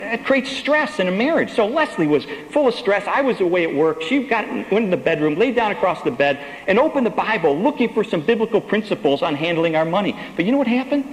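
A man's voice: high voice, expressive, fairly quick, roomy sound, in a large hall, poor audio. A man giving a sermon testimony, telling his story with emphasis and acting out the lines he quotes.

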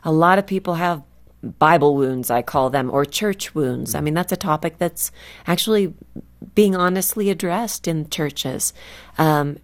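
Earnest, slow-stressing woman author. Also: sits low. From California, USA. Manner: earnest, reflective, stretches key words slowly. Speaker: author guest. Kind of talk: faith radio interview.

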